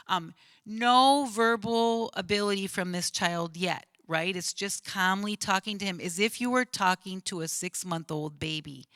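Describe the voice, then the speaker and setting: A woman's voice: mid-range voice, bright, forceful tone, no echo. A woman in her fifties, a school counselor, telling a vivid story at a panel and checking in with "right?". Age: 50s. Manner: earnest, vivid retelling with frequent "right?".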